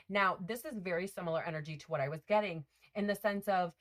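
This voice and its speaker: A woman's voice: fairly low pitch, fast, few pauses. A woman giving a casual spiritual card reading, rambling with lots of fillers and self-corrections. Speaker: tarot reader.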